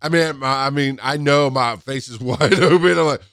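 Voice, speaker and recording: A man who used to be a paramedic tells work stories in a casual, animated way, with laughs and acted-out quotes. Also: normal speed, no echo, studio quality. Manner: animated, acts out quotes with rising pitch and laughs. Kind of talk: casual storytelling monologue.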